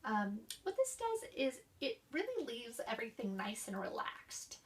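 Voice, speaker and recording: Slow-spoken young woman, recorded from afar. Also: fairly high pitch, big pitch swings, recorded from a distance, very noisy. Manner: demonstrates exercises with coughs, sighs and slowed speech. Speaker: student presenter. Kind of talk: explaining voice therapy techniques.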